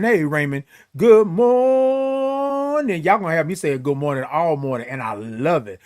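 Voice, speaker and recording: A man hosting a casual morning live stream, greeting viewers by name with long, drawn-out, sing-song good mornings and talking in a relaxed, encouraging way. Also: on the high side. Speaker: host.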